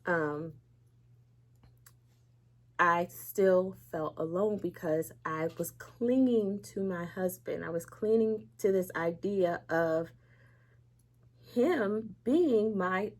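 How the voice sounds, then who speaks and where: A woman's voice: fairly low pitch, slow pace, long pauses. A woman speaking as an interview guest, giving a candid faith testimony, acting out what others said and laughing lightly between serious words. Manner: candid and emotional, acts out quoted speech. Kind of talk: personal faith testimony in conversation.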